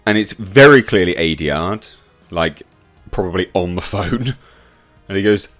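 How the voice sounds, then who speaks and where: A man's voice: low voice, measured pace, fairly bright tone, faint music behind. A man giving an exasperated, swearing, rambling film review in a casual online video rant.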